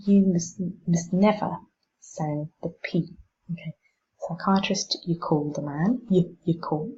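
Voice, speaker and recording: A woman teacher giving exam tips on pronunciation, demonstrating word stress slowly and with care. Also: on the low side, mellow, muffled recording.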